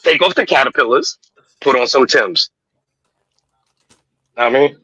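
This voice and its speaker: Animated, profane man in sports banter. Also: mid-range voice, moderate pace, slightly rough, dry recording, rough recording. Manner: profane, animated, repeats "know what I mean". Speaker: podcast co-host. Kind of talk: casual sports talk.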